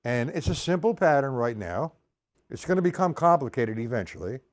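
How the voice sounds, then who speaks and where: A man's voice: mid-range voice, very animated, a little fast, slight background noise. A man teaching a drum lesson, explaining patterns step by step and counting sixteenth notes aloud. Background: drum kit playing.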